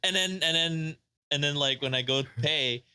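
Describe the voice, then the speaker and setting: A young man chatting with friends, telling anecdotes in halting bits and repeating himself. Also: fairly high pitch, sharp tone, smooth. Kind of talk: casual chat among friends.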